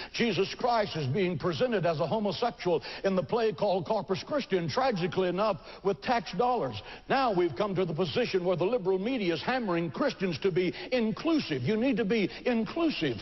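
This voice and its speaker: A man's voice: high voice, muffled recording. Emphatic male preacher in an echoing hall. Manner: moralizing, emphatic. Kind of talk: sermon.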